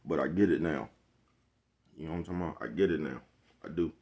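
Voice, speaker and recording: A man's voice: a bass voice, fast, gravelly, darkish tone. A man vlogging a casual, rambling monologue, blunt and profane, forever checking "you know what I'm talking about.". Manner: blunt, profane street slang.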